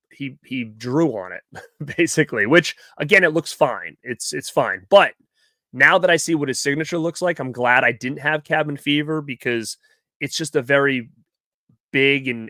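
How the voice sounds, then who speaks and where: A man with a bright, forceful, medium-pitched voice rambles through a casual story on his live stream, quoting the people he met. He's in his home movie room, and the sound is dry and cleanly studio-recorded.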